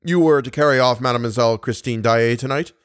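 A male narrator voicing a self-satisfied police commissary who questions briskly. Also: medium pitch, clear, resonant tone, dry recording, studio quality, natural voice. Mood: probing.

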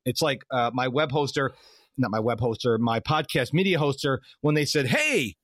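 A man's voice: mid-range voice, moderate pace, dry recording. A middle-aged man hosting a podcast, telling stories in casual chat and acting out the voices of people he quotes. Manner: animated storyteller who acts out quoted dialogue. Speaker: podcast host.

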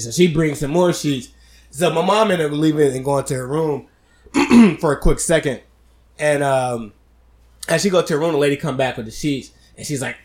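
A man telling a profane, animated story in casual chat, laughing along as he goes. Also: fairly high pitch, fairly quick.

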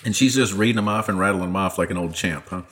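A man's voice: sits low, fast talker, a bit bright. A man co-hosting a podcast, reacting with short, teasing questions in a casual chat. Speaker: podcast co-host.

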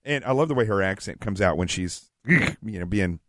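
A man's voice: on the low side, expressive, normal speed, dry recording. A man from the American South filling in as a talk radio host, chatting and joking in the studio while nursing a cold. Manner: joking, chatty, plugs his book. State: has a cold. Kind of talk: casual talk radio banter. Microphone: studio microphone.

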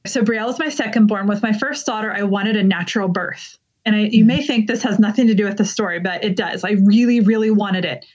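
A woman's voice: mid-range voice, darkish tone. Earnest woman telling a personal story. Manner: earnest, emotional retelling, quick bursts. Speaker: guest. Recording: dull lo-fi sound.

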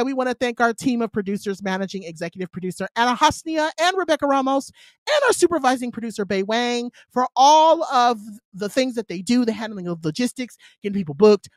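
A woman co-hosting a casual podcast, talking playfully and dramatically, swinging from loud bursts to quiet asides. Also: medium pitch, dry recording, clean studio sound. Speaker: podcast co-host.

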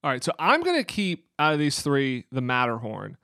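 A man's voice: medium pitch, huge pitch swings, moderate pace, gravelly, pushed and bright, no room sound, clean studio sound. A man co-hosting a podcast in casual chat, explaining at length with plenty of fillers and restarts. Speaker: podcast co-host.

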